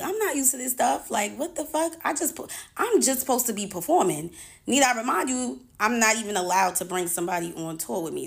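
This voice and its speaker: A woman recounts a tour story in a casual vlog. Her voice sits in a middle range for a woman. She acts out every exchange and curses without holding back. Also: mid-range voice. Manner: animated retelling, acts out her own and others' lines, swears freely. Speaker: touring music artist telling a story.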